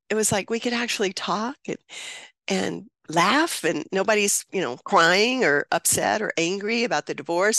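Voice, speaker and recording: Older lady in her 70s, kinda low fry-ish voice, talking slow and heartfelt in an interview. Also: a bit bright, no echo, clean studio sound. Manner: earnest, reflective, pauses and restarts often. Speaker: interview guest, birth mother and author. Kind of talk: personal storytelling in an interview.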